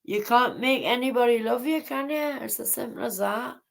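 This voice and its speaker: A woman hosting a casual livestream chat, speaking haltingly and repeating herself. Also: a little high, vocal fry. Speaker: livestream host.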